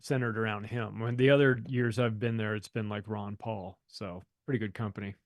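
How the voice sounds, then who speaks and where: A man's voice: fairly low pitch, steady tone, a little fast, dry recording. A man chatting as a podcast guest, spinning a long anecdote with plenty of swearing. He slips into the voices of the people he quotes. His voice is dry and close, with no room sound. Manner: rambling, profane, acts out quoted voices. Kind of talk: casual storytelling conversation.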